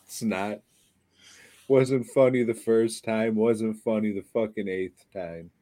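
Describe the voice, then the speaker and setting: A man with a lowish voice talks slowly and wearily, as if he's running on empty. He rambles through a sarcastic, profanity-laced movie rant on a podcast. The sound is dry and close. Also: warm tone, dry recording. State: tired. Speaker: podcast co-host. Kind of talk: casual profane movie review chat.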